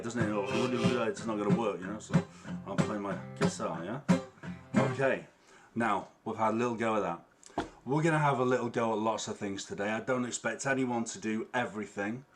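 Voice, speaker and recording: Chatty harmonica teacher, a man with a lowish voice. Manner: chatty, checks in with frequent "yeah?". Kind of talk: online music workshop. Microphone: online stream with latency. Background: guitar playing.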